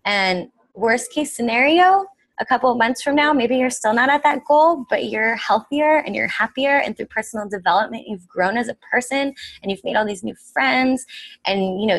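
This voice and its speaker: A young woman speaks on a team call, candid and encouraging as she urges listeners not to quit. Her voice has a gravelly fry to it. The sound is dry and close. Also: a little high, fairly bright tone, no echo, poor audio. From United States. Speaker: guest speaker.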